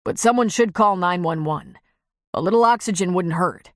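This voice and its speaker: A woman reading an audiobook, voicing a huge, calm male fireman and paramedic with a deep, growly voice. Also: normal speed, dry recording, clean studio sound, natural voice. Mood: reassuring. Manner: calm, reassuring.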